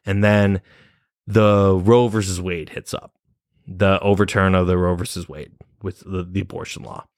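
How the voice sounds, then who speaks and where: A man's voice: sits low, level tone, normal speed, a little mellow, no echo, studio quality. A young man telling a personal story in a rambling, casual way, cursing often and laughing nervously. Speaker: vlogger.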